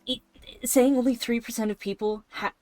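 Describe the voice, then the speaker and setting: A woman's voice: a little high, steady tone, moderate pace, darkish tone. A woman streamer chatting casually and rambling while she draws, swearing now and then. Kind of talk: casual chat while drawing. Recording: faint background music.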